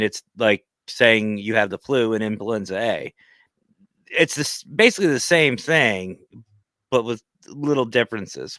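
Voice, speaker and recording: A man with a fairly low voice hosts a casual livestream chat. He talks earnestly and urges listeners to step back and think. His voice sounds dry and close, with no room around it. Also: sharp tone, no room sound. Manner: earnest, giving advice in a lecturing way. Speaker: podcast host.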